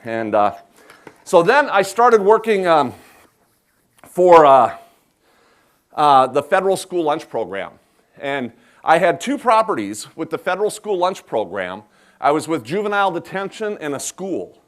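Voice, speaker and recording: A man with an Upper Midwest American accent chats his way through a live cooking demonstration, folksy and quick to joke. His voice sits a touch higher than most men's. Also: sing-song. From South Dakota, USA. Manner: chatty, folksy, self-deprecating humor. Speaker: chef giving a cooking demonstration. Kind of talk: live cooking demo with chat to audience.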